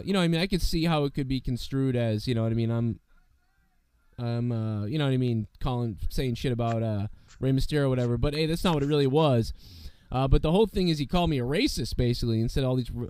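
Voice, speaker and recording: A man hosting a podcast in casual chat, his voice hoarse from being sick, rambling with lots of fillers and swearing. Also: mid-range voice, fast, a little mellow, no room sound. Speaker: podcast host.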